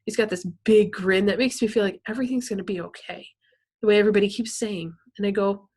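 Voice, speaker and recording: Casting: a woman narrator, expressive storybook reading, mid pitch. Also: fast, husky. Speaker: reader. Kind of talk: reading a novel aloud.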